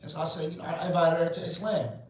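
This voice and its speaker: The voice is a little high, flat, and very fast: a man in his forties teaching Islam in an emphatic, preachy lecture. He raises rhetorical questions only to answer them himself, heard from a distant mic in a very echoey space.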